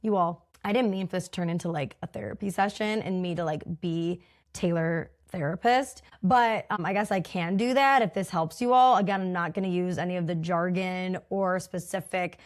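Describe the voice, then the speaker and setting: A woman's voice: fairly low pitch, normal speed. A young adult woman talking casually on her own podcast, chatty and full of "like", acting out her own inner voice. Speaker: podcast host. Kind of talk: casual solo podcast talk.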